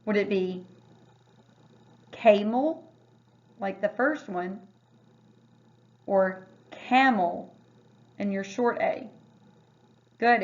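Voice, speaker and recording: A woman teacher walks young readers through a phonics lesson. She speaks at an unhurried pace and sounds out each word piece by piece. The recording is a little dull and lo-fi. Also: medium pitch. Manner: slow, careful word-by-word sounding out.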